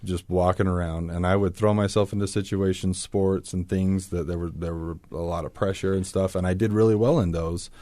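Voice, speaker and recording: A man's voice: low voice, fairly even intonation, fairly quick, few pauses, mellow, dry recording. A man as a podcast guest, telling his personal story in an earnest, reflective way.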